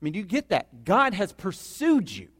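A man preaching a sermon, emphatic and building through repeated phrases to loud peaks. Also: high voice, huge pitch swings, moderate pace, husky, in a large hall. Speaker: pastor.

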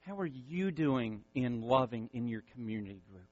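A male pastor preaching an impassioned sermon, repeating words and swinging from loud peaks to soft, quiet lines. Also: mid-range voice, expressive, moderate pace, no room sound, muffled recording.

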